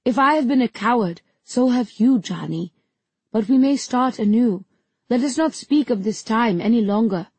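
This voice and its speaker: A woman's voice: fairly high pitch, lively intonation, normal speed, darkish tone, slightly rough, no room sound. A woman voicing a proud, stern immortal king who defends himself insistently in an audiobook. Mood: indignant.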